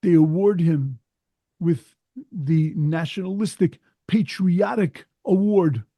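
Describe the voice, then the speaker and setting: Husky, higher-voiced rabbi telling a story. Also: male voice, slow pace, warm tone, no room sound. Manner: earnest, emphatic storyteller. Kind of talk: sermon with storytelling.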